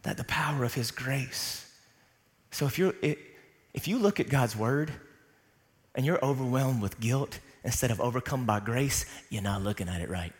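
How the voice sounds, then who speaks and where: A man's voice: medium pitch, normal speed, long reverb tail. A man preaching a sermon to a congregation, emphatic and calling out for responses. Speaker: pastor.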